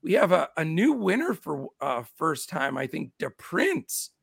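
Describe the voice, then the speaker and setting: A man's voice: fairly high pitch, sing-song, measured pace, gravelly, breathy edge, no room sound, studio quality. A middle-aged man with a scratchy voice hosting a casual sports betting show, upbeat as he greets his chat. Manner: upbeat, shouts out chat names. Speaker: show host.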